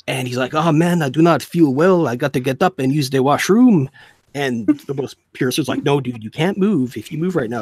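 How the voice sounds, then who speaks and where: A man telling an animated story from his job at a tattoo shop, raising his voice to act out the people in it. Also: medium pitch, husky. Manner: animated, acts out quoted people in a raised voice. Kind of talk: casual storytelling on a livestream.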